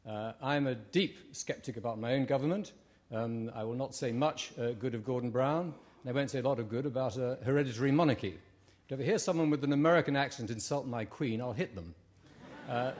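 A man's voice: medium pitch, darkish tone. A man with a British accent giving a formal debate speech to a live audience, wry and dotted with ums and uhs.

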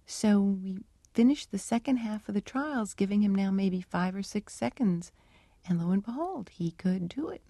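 A middle-aged woman researcher answering interview questions and telling her work stories with lively, acted-out dialogue. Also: medium pitch, normal speed, no room sound, studio quality. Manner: animated storytelling, acts out dialogue. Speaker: animal cognition researcher.

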